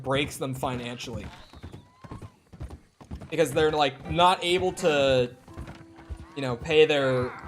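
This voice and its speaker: A young American man streaming a game, rambling in casual chat, swearing often and filling his sentences with "like". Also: fairly high pitch. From United States. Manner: rambling, profane, many fillers like "like".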